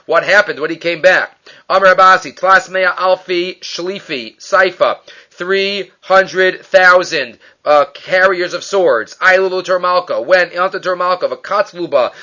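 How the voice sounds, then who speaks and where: A man teaching a Talmud lesson, reading Aramaic lines aloud and translating them into English with animated storytelling. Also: high-pitched. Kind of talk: daily page study lesson. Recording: dull lo-fi recording.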